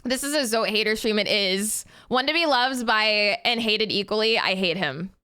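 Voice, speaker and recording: Woman streamer, casual and giggly, clear bright tone. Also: medium pitch, normal speed. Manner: giggly, rambling and chatty. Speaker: game streamer. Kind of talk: casual live-stream chat.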